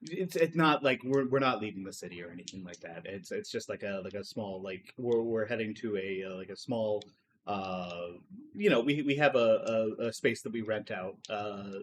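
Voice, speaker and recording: A man's voice: lowish voice, normal speed, a little hiss or hum, close to an everyday voice. A man voicing a nervous, sweating male company recruiter who stammers and keeps losing his train of thought. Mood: flustered.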